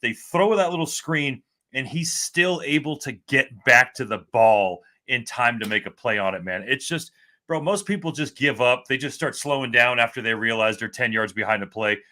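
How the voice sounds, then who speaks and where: Bright-voiced excitable football fan man. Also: mid-range voice, normal speed. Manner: excitable, candid fan talk. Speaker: podcast co-host. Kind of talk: casual sports talk.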